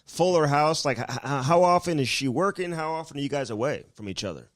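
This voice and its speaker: A man's voice: on the high side, animated, no room sound. Laid-back man hosting a podcast. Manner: laid-back, quick back-channel laughs and "yeah"s. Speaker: podcast host. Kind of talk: casual interview chat.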